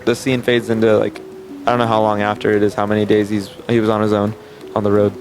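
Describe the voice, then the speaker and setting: A man retelling a film scene by scene in an animated, emphatic way, often restarting his sentences. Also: on the low side, quick pace, soft background music. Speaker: film reviewer. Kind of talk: casual scene-by-scene movie recap.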